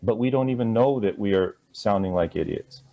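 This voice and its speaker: Leading a live Sanskrit class, this man speaks in a mellow voice on the low side. He models pronunciation by drawing words out slowly, keeping things conversational with playful asides and chuckles.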